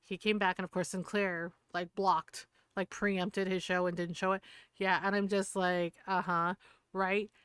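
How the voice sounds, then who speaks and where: A woman's voice: fairly low pitch, little pitch movement, a little slow, a bit bright, clean tone, no echo, studio quality. A woman streamer from the United States in a heated, profane rant, laughing between points. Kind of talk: casual ranting chat.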